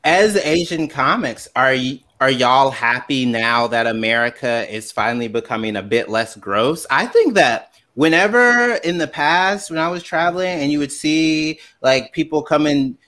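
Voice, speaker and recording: A man comedian from Mississippi, joking and animated in casual chat. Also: medium pitch, moderate pace, hardly any pauses. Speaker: comedian guest.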